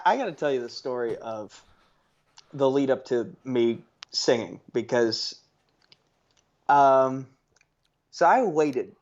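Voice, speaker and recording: A young man co-hosting a podcast, rambling through a story in casual chat and correcting himself as he goes. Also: mid-range voice. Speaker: podcast co-host. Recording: slightly dull, lo-fi sound.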